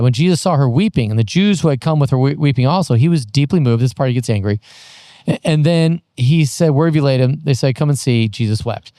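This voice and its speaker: A man's voice: mid-range voice, a little fast, warm tone, clear, resonant tone, no room sound, clean studio sound. A man co-hosting a casual Bible discussion podcast, enthusiastic and thinking aloud as he talks. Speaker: podcast co-host.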